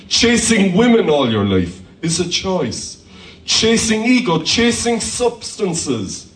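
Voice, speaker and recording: Pastor preaching, voice sits kinda high and swings all over, echoey hall, mic a bit far off. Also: male voice. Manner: lively preacher, rising to shouted hallelujahs. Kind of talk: sermon. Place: church hall.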